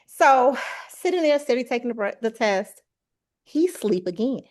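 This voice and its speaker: A woman with a slightly high voice tells a long story over a video call. Her delivery is animated and emphatic, and she slips into other people's voices as she quotes them. The tone is casual and chatty. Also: measured pace. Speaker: guest sharing her exam success.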